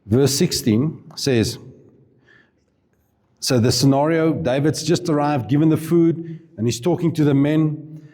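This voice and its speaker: Mellow-voiced preacher, echoey hall. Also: male voice, a little high, measured pace, long pauses. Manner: chatty and informal, with asides and laughs. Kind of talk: sermon storytelling. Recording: reverberant hall.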